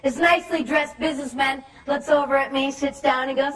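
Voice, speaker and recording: Woman youth speaker, high-pitched, emphatic and preachy; distant mic, faint crowd. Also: fairly even intonation. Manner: emphatic, preachy, with shouted stresses and slow drawn-out points. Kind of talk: impassioned religious talk to students.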